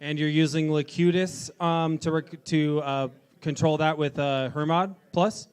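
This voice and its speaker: A man's voice: on the high side, fairly even intonation, measured pace, a little mellow, smooth. Upbeat, profane man hosting a bar event. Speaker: event host. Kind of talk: casual onstage interview. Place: bar at a live music event.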